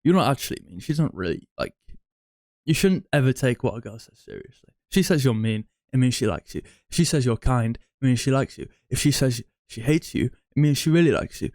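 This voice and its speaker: A man's voice: medium pitch, very animated, brisk, a little mellow, no echo, clean studio sound. A young man giving dating advice in a blunt, crude, rambling monologue that circles back on itself.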